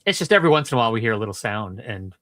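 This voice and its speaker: A man's voice: fairly low pitch, big pitch swings, very fast, crowd noise. A man from Minnesota on a casual live stream, teasing and playful.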